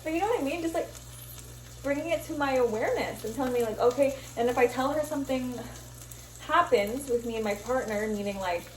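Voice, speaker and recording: A woman's voice: sits high, brisk, a little hiss or hum. A young woman from Miami chatting casually while she cooks, rambling, swearing freely and laughing often as she cuts herself off. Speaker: vlogger. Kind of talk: casual chat while cooking. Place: kitchen, cooking bacon. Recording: echoey kitchen, sizzling pan, distant camera.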